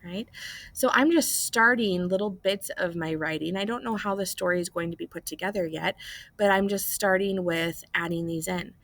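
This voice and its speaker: A woman's voice: on the low side, moderate pace, fairly bright tone, dry recording. Woman teacher explaining a lesson casually. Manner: casual, explanatory, checks in with "okay?" and "right?". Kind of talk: classroom lesson recording. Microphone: computer mic.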